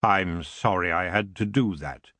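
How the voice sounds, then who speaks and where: A man voicing a tall antlered elf king in an audiobook, with a smooth, lazy drawl. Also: sits low, measured pace, sharp tone, no echo, pitched below the performer's own voice, heavily acted. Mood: languid.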